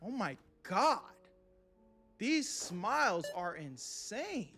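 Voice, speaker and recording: A man's voice: sits high, big pitch swings, extremely slow, pushed and bright, soft background music. A young man streaming a game live, swearing and talking nervously to his chat as he plays. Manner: jittery, swearing, talks to chat. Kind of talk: live gameplay commentary.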